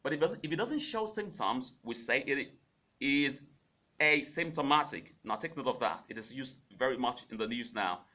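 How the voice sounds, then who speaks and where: A man's voice: medium pitch, lively intonation, pushed and bright. Guy running a radio pronunciation lesson, drills each word again and again, bouncy up and down voice. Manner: repeats each word slowly several times, drills; hums syllable rhythm. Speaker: pronunciation teacher, radio host.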